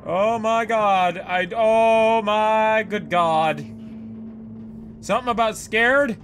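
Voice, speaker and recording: Horror-game streamer, male: high, bright, lively voice, unhurried delivery, jumpy and profane, flips from yelps to mutters. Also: slight background noise. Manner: jumpy, loud exclamations and cursing; swings between shouting and muttering. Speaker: gaming YouTuber. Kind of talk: horror game let's play commentary.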